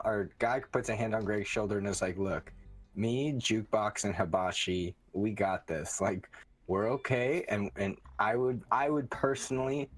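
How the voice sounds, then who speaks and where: A man playing a tabletop game, relaxed and earnest. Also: lowish voice. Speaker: player. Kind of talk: tabletop play.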